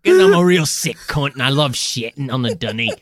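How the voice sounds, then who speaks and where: A slang-slinging ocker Australian bloke, put on by a man, hamming up every crude line. The voice leaps about in pitch with broad, exaggerated swings. The sound is dry and close. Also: expressive, a little fast, no echo, close to an everyday voice. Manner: slang-heavy, hammy and crude.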